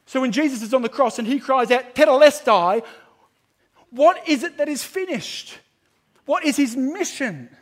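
A man preaching an evangelistic sermon to a live audience, building to loud, emphatic proclamations and then dropping to a hushed, earnest appeal. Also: high-pitched. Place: large room with a live audience.

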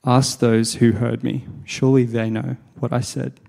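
A man reading a Bible passage aloud in church, in a gravelly, low-key way. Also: little pitch movement, measured pace, mellow. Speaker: scripture reader.

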